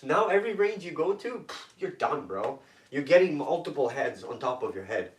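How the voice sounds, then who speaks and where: A man's voice: mid-range voice, animated, moderate pace, recorded from a distance. A man from Toronto telling intense personal stories as a guest, in blunt, profane street talk. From Toronto, Canada. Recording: echoey room, voice off-mic.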